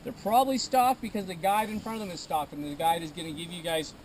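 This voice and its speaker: A high-voiced man briefs a tour group outdoors at a dog kennel, upbeat and joking, tagging "okay?" onto nearly every line. The outdoor recording is noisy, with clear ambient sound behind him. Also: steady tone, quick pace. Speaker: sled dog tour guide.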